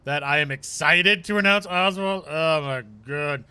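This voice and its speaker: A man's voice: fairly high pitch, a little slow, sharp tone, clean tone. A man giving playthrough commentary on a video game in a wry, joking way.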